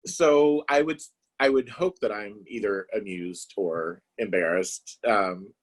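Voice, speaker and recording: A man's voice: lowish voice, slow. A man as a guest in a casual chat, talking hesitantly with many "um"s and easy laughter over a video call.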